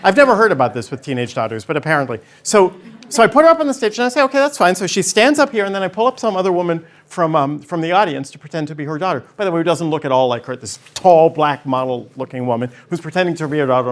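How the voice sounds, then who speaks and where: Guy on a talk show, fairly high voice, super animated, acts out the people in his story. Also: quick pace. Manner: energetic, acts out voices when telling stories. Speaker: guest speaker.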